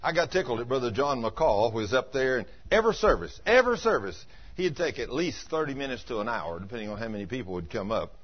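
A male pastor telling stories in an animated sermon, dropping to quiet asides and rising to loud emphatic peaks. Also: mid-range voice, fast talker, hardly any pauses. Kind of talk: storytelling sermon. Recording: dull lo-fi sermon recording.

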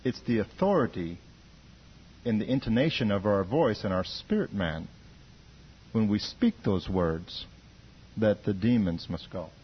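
A man's voice: fairly low pitch, animated, measured pace, long pauses, breathy edge, muffled recording. A man from the congregation sharing an earnest testimony in a group discussion, repeating words as he thinks. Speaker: church member.

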